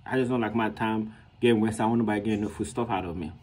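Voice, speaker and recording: A man vlogging in a casual storytelling way, animated and slangy, laughing often and acting out what others said in a raised voice. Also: fairly low pitch, quick pace, breathy edge. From Haiti.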